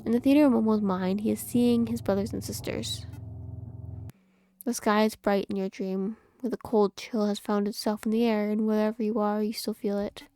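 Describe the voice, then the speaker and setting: A woman reading aloud a horror visual novel with measured, eerie narration. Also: mid-range voice, level tone, warm tone, clear, resonant tone, no room sound. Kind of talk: dramatic game narration.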